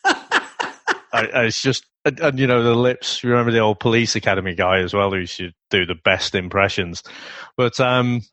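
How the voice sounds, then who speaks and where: A man's voice: on the low side, normal speed, long pauses, a bit bright, no echo. A man co-hosting a podcast, chatting casually about an old martial arts film, often laughing and mimicking lines. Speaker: podcast co-host.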